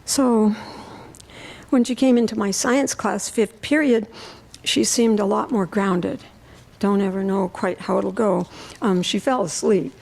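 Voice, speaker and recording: A woman, a science teacher, telling a personal story at a worship service in a halting way with many fillers. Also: medium pitch, fairly even intonation, vocal fry, a little mellow, poor audio. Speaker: lay speaker sharing a reflection.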